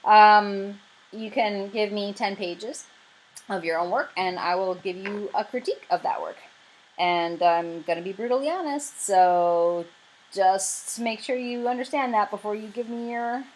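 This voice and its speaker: Here a writer pitches her crowdfunding campaign, talking to camera in a relaxed, rambling manner packed with fillers. She has a mid-range voice and a Canadian accent, and the recording quality is low.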